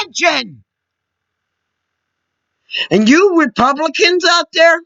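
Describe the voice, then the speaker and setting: An American woman in an angry, profane political rant to camera, shouting at times. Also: a little high, sing-song, slow pace, no echo, dull audio. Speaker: vlogger.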